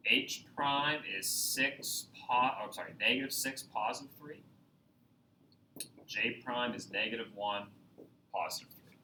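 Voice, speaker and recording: A man's voice: mid-range voice, a little slow, pushed and bright, a little hiss or hum. A man teaching a recorded math lesson, upbeat and joking, talking straight to his viewers as he works through examples.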